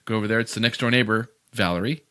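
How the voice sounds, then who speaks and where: A man's voice: lowish voice, very fast, noisy background. A middle-aged man telling a story in casual chat as a podcast co-host, acting out his own panic.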